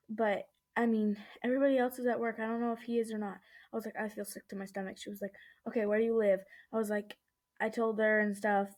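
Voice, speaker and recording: A woman's voice: a little high, a little mellow. Shaken woman rambling a storytime vlog. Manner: rambling retelling full of "I was like", restarts and nervous laughs. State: shaken and uneasy. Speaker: vlogger. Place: indoors at home. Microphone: laptop webcam mic.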